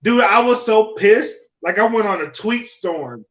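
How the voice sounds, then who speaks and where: A young man co-hosting a podcast, telling a story in an animated, profane, laughing way. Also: high-pitched, unhurried, echoey room. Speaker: podcast co-host. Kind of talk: casual chat, storytelling. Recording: slightly dull lo-fi podcast audio.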